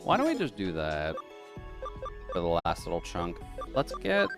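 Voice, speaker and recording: A man's voice: low voice, wildly swooping pitch, measured pace, creaky, music in the background. A man streaming a game live, muttering sarcastic commentary and swearing. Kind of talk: casual live gameplay commentary.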